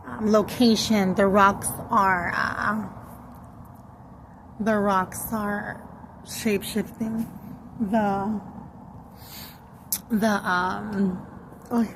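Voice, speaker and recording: A woman's voice: medium pitch, steady tone, very slow, vocal fry, long pauses, noisy background. A woman telling a rambling, profane story to her viewers in a casual vlog. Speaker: vlogger.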